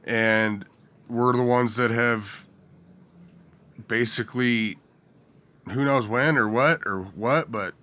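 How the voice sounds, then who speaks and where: A man's voice: medium pitch, takes it slowly, long pauses, sharp tone. A young man ranting bluntly and profanely in a rambling casual monologue to his viewers. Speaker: vlogger.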